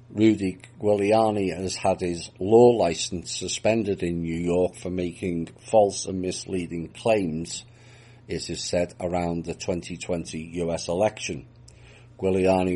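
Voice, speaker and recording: A man's voice: sits low, dark tone. A man reading out news reports and adding dry, mocking remarks of his own between the items. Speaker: news commentator.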